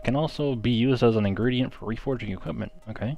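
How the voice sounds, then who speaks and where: A man's voice: mid-range voice, a little fast, vocal fry, dark tone, lo-fi sound, faint music behind. A man giving casual let's-play commentary, muttering his menu choices half to himself. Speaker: gaming commentator.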